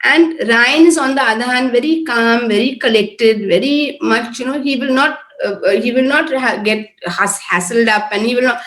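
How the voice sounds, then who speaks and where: A woman's voice: a little high, normal speed, few pauses, fairly bright tone. A middle-aged woman giving an informal talk at a prayer group, earnest and conversational, often checking with "correct?". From Oman-based, Indian. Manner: earnest, conversational, repeats tag questions. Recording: echoey room.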